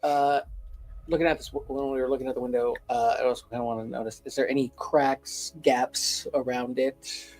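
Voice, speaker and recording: A man playing in a tabletop game, asking questions and making asides in quick, chatty bursts. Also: mid-range voice, fairly even intonation, darkish tone, faint music behind. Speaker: player. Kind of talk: casual tabletop game chat.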